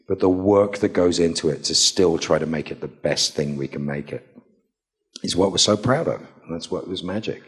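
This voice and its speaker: Low-voiced man telling playful panel stories. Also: normal speed. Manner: animated, playful, acts out quotes with big pitch jumps. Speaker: actor on a convention panel. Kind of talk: anecdotal storytelling to a live audience.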